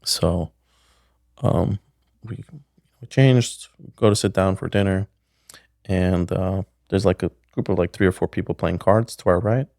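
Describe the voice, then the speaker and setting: A man's voice: sits low, a little slow, vocal fry, long pauses, a little mellow, no room sound. A middle-aged man, a podcast guest, telling a story casually, rambling, with many restarts, on a close studio mic. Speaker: podcast guest, pickle maker.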